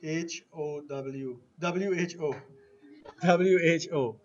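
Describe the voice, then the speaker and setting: A man leads a classroom language lesson in a high, unhurried voice, pausing to spell words letter by letter and repeat them. The recording sounds dull and lo-fi. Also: a little hiss or hum. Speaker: Arabic teacher.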